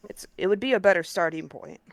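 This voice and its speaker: A player at a tabletop game trades quick jokes and asides with the others. The voice sits at a middle pitch. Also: creaky. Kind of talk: tabletop role-play chat.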